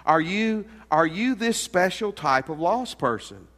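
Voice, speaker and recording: A middle-aged pastor preaching in a church with a long, ringing reverb. His voice sits a little high for a man, and he moves from loud, pressing points to soft, hushed asides. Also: lively intonation, measured pace. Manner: earnest, swings between loud emphasis and quiet asides. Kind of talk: sermon. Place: church sanctuary.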